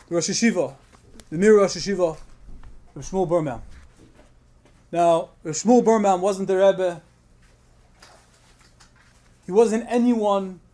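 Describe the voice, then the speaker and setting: A man's voice: high voice, dark tone. A man giving an earnest storytelling sermon at a religious program, speaking with growing emotional intensity. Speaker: speaker at a Tisha B'Av program.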